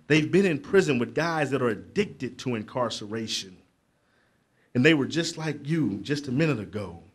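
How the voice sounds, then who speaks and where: A middle-aged man, giving a motivational speech to young people at a conference, preacherly and building to loud emphatic peaks with asides to the crowd. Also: mid-range voice, lively intonation, moderate pace, husky. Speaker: motivational speaker. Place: conference hall.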